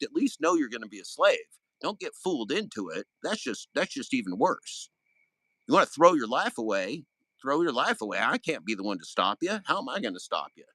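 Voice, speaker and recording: Man, livestream host, heated confrontational rant, high lively voice, bright and dry. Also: no room sound, poor audio. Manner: angry, confrontational, swearing.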